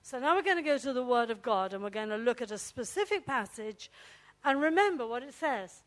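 A middle-aged woman preaches with a high, bright-pitched voice. She tells personal stories in a lively, anecdotal way. She often turns to the congregation and speaks to them directly. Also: brisk. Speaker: pastor's wife preaching.

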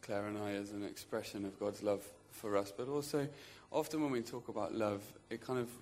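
A man's voice: fairly low pitch, steady tone, a little fast, darkish tone. A man speaking earnestly in a church group, plain-spoken with frequent restarts. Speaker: church member sharing a testimony. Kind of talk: spontaneous testimony in a group.

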